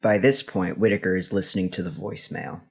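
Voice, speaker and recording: A man playing a tabletop game, talking in a low-key, measured way. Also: fairly even intonation, husky. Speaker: player. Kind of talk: casual tabletop game play.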